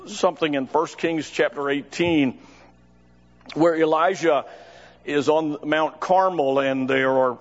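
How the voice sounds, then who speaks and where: A man preaching a sermon in a conversational way, acting out scripture quotes with lively emphasis. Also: mid-range voice. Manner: conversational, with restarts and dramatic quoted voices. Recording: dull sound with long reverb.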